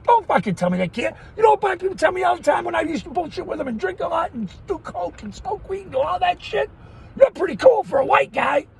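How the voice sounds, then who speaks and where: A middle-aged man ranting in a profane, erratic monologue, often yelling and cursing. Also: very high-pitched, gravelly. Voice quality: yelling, foul-mouthed, erratic. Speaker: vlogger.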